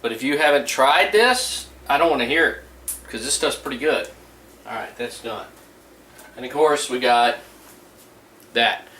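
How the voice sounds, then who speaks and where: A man's voice: mid-range voice, expressive, a little slow, long pauses, bright, forceful tone. Laid-back man grilling outdoors. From US Gulf Coast. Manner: laid-back, chatty, talks to viewers while cooking. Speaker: home cook vlogger. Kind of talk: casual cooking vlog. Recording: roomy sound from a distance, faint background noise.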